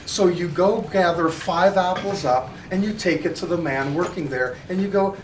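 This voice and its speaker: A man with a fairly high voice teaching a physics class, animated and jokey. He sounds far from the camera in an echoey classroom, with a faint hum of the room underneath. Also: normal speed, hardly any pauses. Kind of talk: classroom lecture. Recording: roomy classroom audio from a distance.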